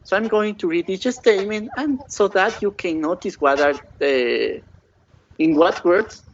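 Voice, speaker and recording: Slow, encouraging man drilling pronunciation. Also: high voice, a little hiss or hum. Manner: slow, repeats each word several times, encouraging. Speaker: student presenting a pronunciation exercise. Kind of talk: pronunciation lesson. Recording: dull lo-fi recording.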